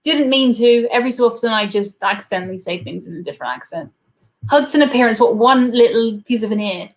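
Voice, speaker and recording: She talks fast, with a voice on the high side and lively intonation. A young woman with a Southern English accent, from England's south coast, she's chatting her way through a casual live cruise Q&A stream at her home desk, answering viewers, reading their comments aloud, and cooing at her dog.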